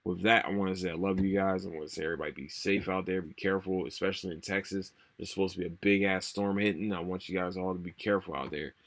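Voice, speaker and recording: A young man hosting a solo podcast, rambling and swearing a lot, tired and low on energy. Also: steady tone, fast talker, few pauses. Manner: profane, rambling, repeats himself. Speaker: podcast host. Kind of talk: casual solo podcast rant.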